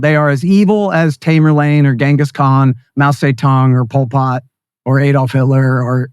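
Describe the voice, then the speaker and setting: A man's voice: fairly high pitch, a little mellow, dry recording, clean studio sound. A man speaking as a guest in a political interview, ranting with sarcasm and scorn. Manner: mocks others in put-on voices. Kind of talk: heated political interview talk.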